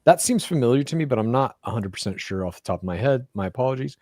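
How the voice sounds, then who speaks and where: A blunt man co-hosting a podcast, chatting casually and reading out listener comments, swearing freely as he goes. His voice sits at a middle pitch and sounds dry and close, with no room around it. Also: animated, quick pace, a little mellow, no room sound. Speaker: podcast co-host.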